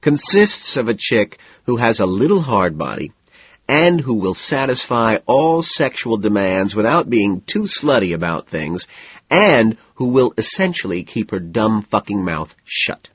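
A man's voice: fairly low pitch, sing-song, a little slow, slightly rough, dry recording, muffled recording, full character voice. A man voicing a tipsy, boastful young male banker who talks crudely, in an audiobook. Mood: swaggering. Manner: crude, swaggering.

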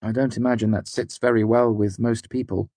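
A man's voice: medium pitch, little pitch movement, brisk, dark tone, no echo, voice pushed up, natural voice. A man reading an audiobook, voicing a young male courtier who speaks formally and deferentially. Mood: polite, deferential.

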